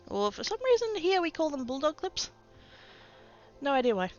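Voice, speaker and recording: A woman's voice: high-pitched, very animated, normal speed, muffled recording, faint music behind. A woman chatting casually to her livestream chat while sorting craft supplies, self-mocking and rambling. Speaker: craft streamer.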